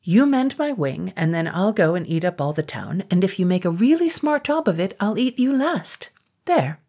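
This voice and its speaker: A woman's voice: on the low side, big pitch swings, normal speed, dark tone, husky, voice pushed up, exaggerated voice. A woman voicing a huge male dragon in iron armor, spluttering and polite but menacing, in a storybook reading. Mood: bossy. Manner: spluttering, bossy.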